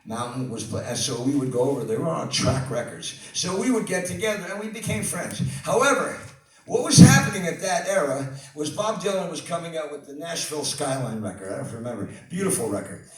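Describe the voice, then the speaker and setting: A man's voice: fairly high pitch, brisk. Older man rambling through a live anecdote. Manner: rambling, animated, laughing asides. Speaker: storyteller on stage. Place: live venue. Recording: echoey hall, distant mic.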